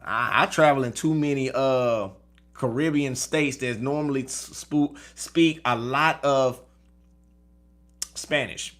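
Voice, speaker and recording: Bright, chatty man on a tarot stream. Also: medium pitch, takes it slowly. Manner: chatty, repeats "okay?", stumbles and restarts, laughs at himself. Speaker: tarot reader. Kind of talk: casual livestream chat.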